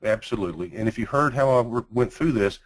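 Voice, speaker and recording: A man with a Texas accent teaching a sales training class, speaking slowly with deliberate pauses and emphasis. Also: mid-range voice, expressive, over a noisy crowd, poor audio.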